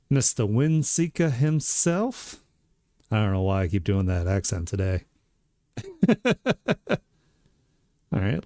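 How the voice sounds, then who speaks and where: A man's voice: on the low side, a little mellow, clear, resonant tone, no room sound, clean studio sound. A man chatting casually as a streamer while he makes art, laid-back and joking at his own expense.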